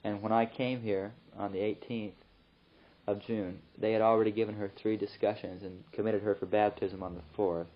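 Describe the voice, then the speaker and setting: A young missionary man recording a rambling, relaxed spoken letter home in his flat. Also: lowish voice, normal speed. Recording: muffled old tape recording.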